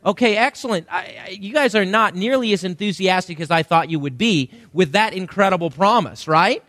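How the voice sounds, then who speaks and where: A man's voice: high-pitched, brisk, fairly bright tone, no echo. A male pastor preaching an emphatic sermon and asking the congregation questions.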